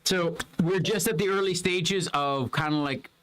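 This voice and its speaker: A man's voice: high-pitched, measured pace. A man giving a casual, rambling history lesson to a child, with lots of fillers and restarts. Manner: animated, rambling, many fillers. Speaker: homeschool parent teaching history.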